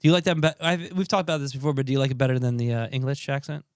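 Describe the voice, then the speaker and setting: A man's voice: mid-range voice, very fast, smooth, no echo, clean studio sound. A man co-hosting a podcast in casual chat, joking and loose, swearing now and then. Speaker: podcast co-host.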